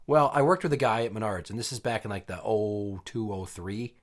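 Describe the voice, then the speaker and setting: A man's voice: lowish voice, brisk. A man in his thirties hosting a podcast, telling stories bluntly and swearing freely in casual chat. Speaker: podcast host.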